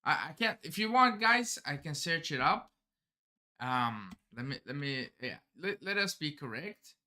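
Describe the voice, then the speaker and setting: A man's voice: fairly high pitch, sing-song, a little slow, bright, forceful tone. A man hosting a live manga reaction, rambling and often stumbling and restarting his sentences. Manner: rambling, self-interrupting, stumbles over words.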